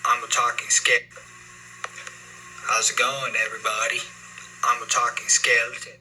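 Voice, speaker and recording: A man's voice: mid-range voice, level tone, normal speed, pushed and bright, rough recording. A man voicing a cheery male cartoon skeleton in a phone avatar demo, with playful sing-song nonsense sounds.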